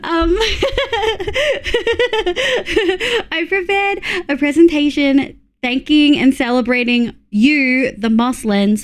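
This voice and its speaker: A young Australian woman streaming live, her voice sitting high and moving at an unhurried pace. She talks casually and excitably to her chat, swearing freely and thanking viewers. The delivery is loose and chatty, with plenty of fillers.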